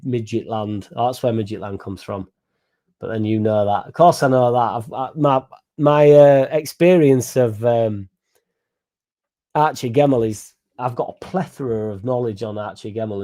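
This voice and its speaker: A man's voice: medium pitch, warm tone. A young man hosting a casual live stream, reading out comments, swearing freely and stumbling over names.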